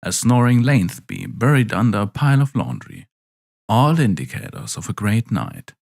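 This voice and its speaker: A man narrating a story with a wry, expressive delivery. His low voice carries a gravelly fry and swings widely in pitch. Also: moderate pace.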